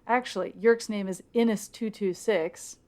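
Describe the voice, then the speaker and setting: Give me a woman co-host retelling a book plot in relaxed chat, mid-pitched voice. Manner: retells plot with quick acted-out quotes. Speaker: podcast co-host. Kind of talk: casual book recap chat.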